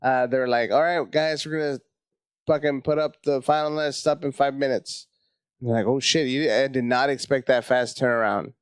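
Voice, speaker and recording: A man from tells a story in casual, profane chat, jumping into high, strained voices to act out his own panic. He sits at a middling pitch. The recording is dry and close, with no room sound. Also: steady tone, moderate pace, smooth, no echo. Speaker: comedian guest.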